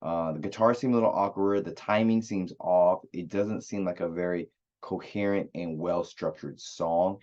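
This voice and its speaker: A man's voice: sits low, normal speed, darkish tone, muffled recording. A man giving a loose, rambling spoken review of an album as a music reviewer, with many fillers and restarts.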